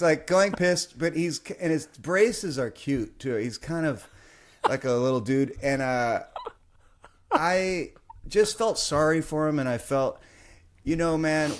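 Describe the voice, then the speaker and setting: A man on a casual podcast, telling a story and acting out the voices. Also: mid-range voice. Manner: animated storyteller who acts out voices. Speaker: podcast host.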